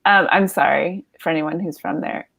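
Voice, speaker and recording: A woman's voice: sits low, normal speed, creaky, fairly bright tone, slightly rough. A woman in her thirties telling a comedy story, rambling and self-deprecating with lots of fillers and laughs.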